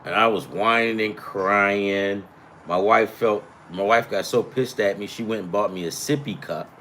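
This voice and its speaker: A man's voice: fairly low pitch, measured pace, sharp tone, a little hiss or hum. A man hosting a casual sports betting chat, rambling and profane, with self-deprecating asides. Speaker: sports betting picks host.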